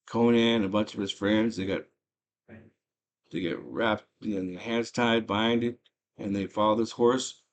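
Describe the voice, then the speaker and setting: A man casually retelling a movie's plot as a host, animated and slangy, with lots of fillers. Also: lowish voice, unhurried.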